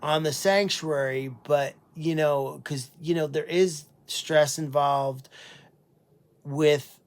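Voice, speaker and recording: A man who runs an animal sanctuary, talking casually on a livestream, tired and unwell, halting with many fillers and restarts. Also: fairly high pitch, fairly even intonation.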